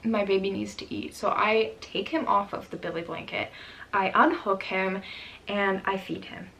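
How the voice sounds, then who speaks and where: A young woman telling her story straight to camera, candid and emotional, filling gaps with "um" and "like". Her voice has a gravelly fry, and a faint hiss sits under the recording. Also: medium pitch, steady tone, normal speed, a bit bright, low-quality recording. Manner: emotional, candid, many fillers. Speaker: vlogger. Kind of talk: personal storytime vlog.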